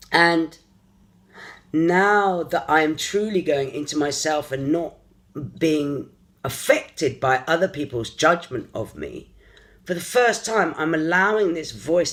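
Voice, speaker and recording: Spiritual coach type rambling openly to camera, stops and restarts a lot, mid pitch. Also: a bit bright. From London, England. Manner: earnest, searching, thinks aloud in halting phrases. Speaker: energy therapist and spiritual coach. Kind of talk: personal confessional vlog.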